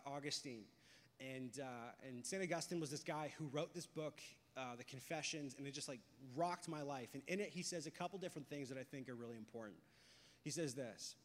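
A young man preaching a sermon, talking casually and telling stories, going from hushed to loud and excited. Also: a little high. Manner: conversational, storytelling, swings from hushed to loud and excited. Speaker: pastor. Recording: long hall reverb.

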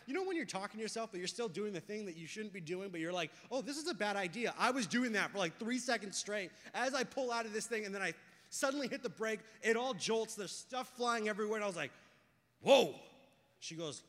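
A young man preaching a sermon, talking casually and telling stories, going from hushed to loud and excited. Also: sits high, quick pace. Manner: conversational, storytelling, swings from hushed to loud and excited. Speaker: pastor. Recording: long hall reverb.

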